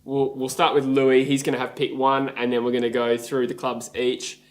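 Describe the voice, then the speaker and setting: A man's voice: medium pitch, completely flat delivery, normal speed. Casual Australian man hosting a footy podcast. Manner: runs the segment, loose with fillers. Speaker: podcast host. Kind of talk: casual sports chat. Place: room, on camera.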